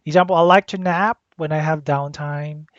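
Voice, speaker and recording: A teacher giving a grammar lesson, deliberately spelling out letters and repeating the rules. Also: mid-range voice, fairly even intonation, dry recording. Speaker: English teacher. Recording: dull lo-fi dry recording.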